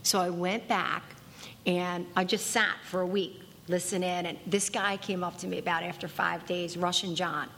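A woman's voice: on the low side, little pitch movement, normal speed, fairly bright tone, a little hiss or hum. A woman giving a personal testimony at a recovery meeting, earnest and emphatic, repeating key lines for weight. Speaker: speaker sharing at a recovery meeting.

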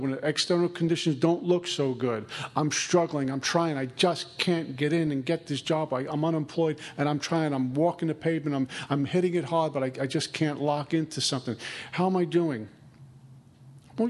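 A man's voice: a little high, husky. A man giving a conversational recovery talk, acting out inner dialogue. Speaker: recovery speaker.

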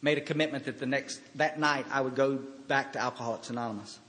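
A man's voice: medium pitch, steady tone. Man telling his story in a reverberant hall. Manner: halting, storytelling, quiet pauses. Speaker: recovery speaker. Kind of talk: personal recovery talk.

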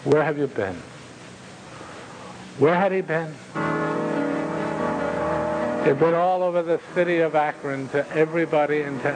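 A man telling a vivid first-person story with dramatic pauses and asides to his listeners. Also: a little high, poor audio.

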